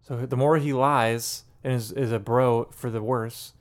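A man's voice: medium pitch, steady tone, measured pace. A man co-hosting a casual music review podcast, joking and riffing on puns between talk about songs. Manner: playful, jokey, riffs on puns. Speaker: podcast co-host.

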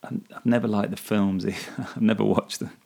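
A man's voice: lowish voice, steady tone, a little fast, vocal fry, dark tone. A man hosting his own podcast, musing casually in a rambling, self-deprecating way and often laughing at himself. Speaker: podcast host.

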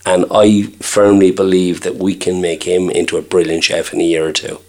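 Middle-aged Irish restaurateur, very deep voice, easy anecdotal chat. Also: male voice, little pitch movement, normal speed, a little mellow. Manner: chatty storyteller, acts out quoted dialogue. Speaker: restaurant owner and chef. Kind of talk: casual interview chat.

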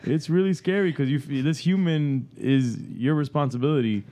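A man's voice: on the high side, moderate pace. A man, a parent of a baby girl, telling stories animatedly in casual chat. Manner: animated storyteller, acts out voices.

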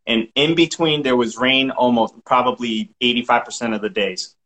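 A man's voice: medium pitch, steady tone, normal speed, pushed and bright, low-quality recording. A middle-aged man from Massachusetts with a light Massachusetts accent, a guest chatting casually and laughing often. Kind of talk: casual podcast chat.

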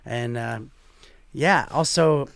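A man co-hosting a podcast in casual chat, reading out listener comments and jumping into excited high bursts. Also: takes it slowly, creaky. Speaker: podcast co-host.

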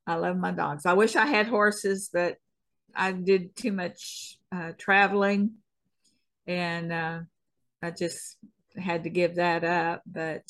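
A woman's voice: lowish voice, a bit bright. A middle-aged woman with a Southern US accent, a stunt woman chatting as a guest in an easygoing, folksy way with frequent chuckles. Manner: unhurried, folksy, chuckles often. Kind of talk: casual interview chat.

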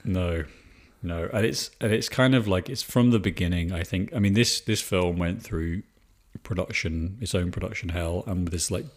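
A man's voice: deep voice, moderate pace. A man co-hosting a casual film review chat, rambling with restarts and swearing for emphasis. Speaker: podcast co-host.

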